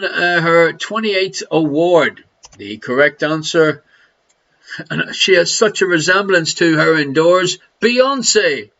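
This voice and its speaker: High, bright Irish quiz host. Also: male voice, dull audio. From Ireland. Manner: jokey, teasing, laughs between questions. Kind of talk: live online quiz hosting.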